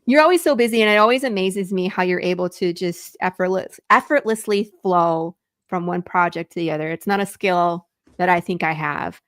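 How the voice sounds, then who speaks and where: A woman's voice: on the low side, normal speed, no room sound, studio quality. A woman hosting a casual video-call talk show, telling stories with lots of laughter. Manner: laughing, animated storytelling. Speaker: podcast host. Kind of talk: casual chat.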